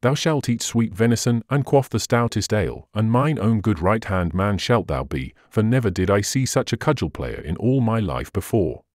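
A man's voice: lowish voice, animated, moderate pace, few pauses, a little mellow, no echo, clean studio sound. A man voicing a merry, bold male outlaw leader in archaic, boasting speech for an audiobook. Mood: hearty.

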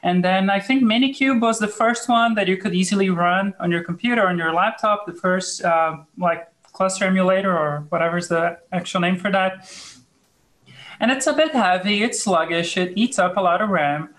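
A woman's voice: mid-range voice, normal speed, rough recording. A woman who is a guest on an online panel, giving a casual technical explanation in a loose, hesitant way with many fillers. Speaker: panel guest, conference speaker. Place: remote video call.

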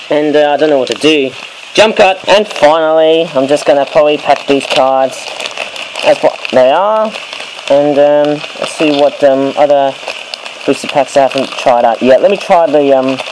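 A man reviewing homemade toy cards at home late at night, rambling with many fillers and sudden excited outbursts. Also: a little high, a little hiss or hum, poor audio. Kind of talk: casual toy review vlog.

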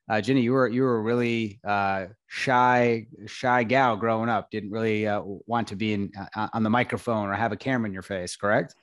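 A man's voice: fairly low pitch, no room sound, studio quality. Southern man hosting a podcast. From North Carolina. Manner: friendly, with frequent restarts and fillers. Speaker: podcast host. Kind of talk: conversational interview. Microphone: headset.

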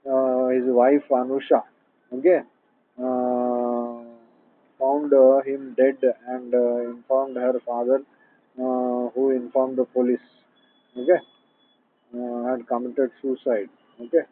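A man's voice: mid-range voice, level tone, unhurried, faint music behind. A man in a rambling, angry monologue, reading out news headlines and punctuating them with "huh?" and "okay?". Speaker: channel host. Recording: tinny phone-like audio with faint noise.

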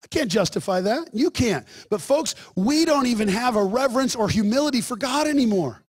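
High-voiced pastor preaching. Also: male voice, expressive, fairly quick, breathy edge. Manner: joking asides, then emphatic preaching. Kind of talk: sermon.

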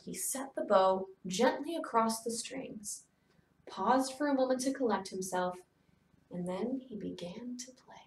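A woman narrating a children's novel aloud, in steady storytelling that softens to near whispers. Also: medium pitch, a little hiss or hum. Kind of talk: children's book read-aloud. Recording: echoey room, distant mic.

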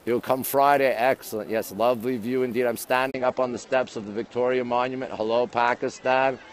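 A man's voice: medium pitch, fairly even intonation, a little fast, a little hiss or hum. Canadian man livestreaming outdoors. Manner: chatty, greets viewers and reads comments aloud. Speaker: livestream host. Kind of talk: live phone stream chat. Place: outdoors on monument steps in a busy city. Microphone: phone held while streaming.

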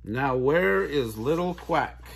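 A man's voice: fairly high pitch, animated, takes it slowly, creaky, breathy edge, heavily acted. An older man reading a storybook aloud, voicing a cheerful mother duck with a raised, sing-song, coaxing tone. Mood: playful. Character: cheerful mother duck playing hide and seek.

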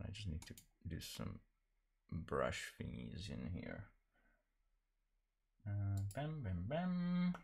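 A man's voice: very deep voice, creaky. A man chatting casually while painting on a live stream, rambling and self-deprecating, laughing often.

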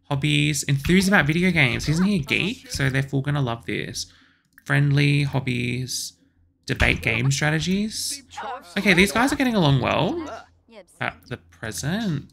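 A woman's voice: low-pitched, expressive, measured pace, gravelly. A woman giving let's play commentary, exasperated and bossing her game characters around as she talks to herself. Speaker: gaming channel host.

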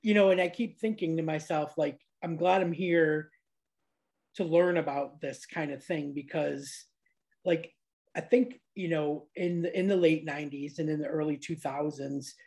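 A podcast host from Niagara Falls, New York, now living abroad, records a casual interview at home with her cats around. Her low-pitched voice is steady, darkish and slightly rough, moving at a normal speed as she chats, fills in with fillers and laughs often.

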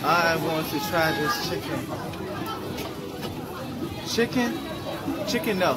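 A man's voice: on the high side, expressive, slow pace. A man making a casual travel vlog, chatting upbeat with shop staff in a busy food shop. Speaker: travel vlogger. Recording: crowd chatter and music behind.

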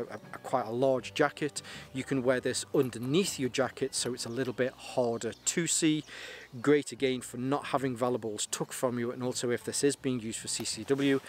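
A man's voice: medium pitch, a little hiss or hum. A man giving a chatty, rambling product review to camera outdoors, often repeating words as he restarts his sentences. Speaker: gear reviewer and brand ambassador.

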